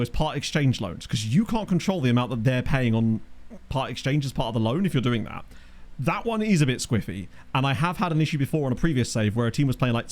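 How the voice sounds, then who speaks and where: A man's voice: medium pitch, a little mellow. A man talks through a football management game on a live stream, rambling and cracking jokes at his chat. His voice sits in a middle register but swings up and down a lot as he reacts. He speaks into a desk microphone. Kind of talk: casual live-stream commentary.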